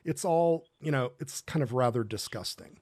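A man hosting an online faith talk show, speaking earnestly and pausing on fillers. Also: medium pitch, darkish tone, dry recording. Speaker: host.

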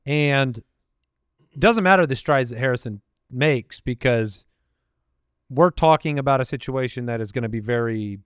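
A man hosting a fantasy football podcast, rattling off statistics in a measured, confident way during casual sports analysis. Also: mid-range voice, clean tone, no echo, clean studio sound.

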